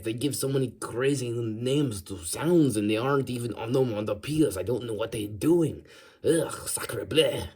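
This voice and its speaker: Rambling American man, low voice. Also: a little mellow. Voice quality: vocal fry at times. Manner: rambling, jumps between put-on accents and voices. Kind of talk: rambling casual ASMR monologue, trying accents.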